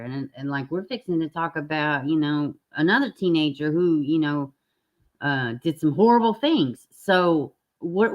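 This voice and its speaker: A woman with a low, deep-set voice runs a casual true-crime live stream from her laptop. She chats bluntly with her viewers and doesn't mind a curse word. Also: animated, measured pace, lo-fi sound. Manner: chatty, blunt, swears, talks straight to viewers.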